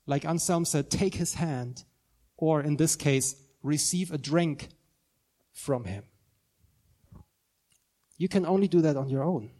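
Earnest high-voiced male preacher. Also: slow pace, long pauses, dark tone. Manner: earnest, building to fervent proclaiming. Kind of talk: sermon. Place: church.

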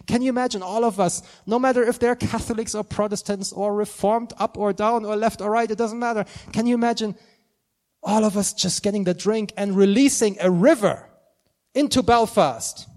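A male preacher delivers a sermon in church with a notably high-pitched voice. He talks earnestly and builds to fervent, emphatic proclaiming. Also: fairly even intonation, normal speed, a little mellow.

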